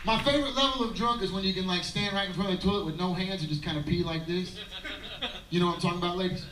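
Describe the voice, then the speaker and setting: A man, doing a rambling, self-mocking stand-up set with halting fillers at an outdoor daytime show. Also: sits high, very noisy. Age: 30s. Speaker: stand-up comedian. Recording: roomy live sound from a distance.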